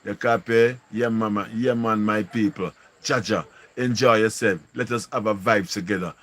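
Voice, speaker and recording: A man's voice: fairly low pitch, fairly even intonation, normal speed, a bit bright. A man with a Jamaican accent hosting a casual live stream, greeting viewers and repeating slangy catchphrases. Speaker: livestream host.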